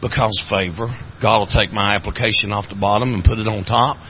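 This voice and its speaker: A man with an Appalachian accent preaching a sermon, telling folksy stories in a voice that climbs high and cracks when he is moved. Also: steady tone, a little fast, lo-fi sound, slight background noise.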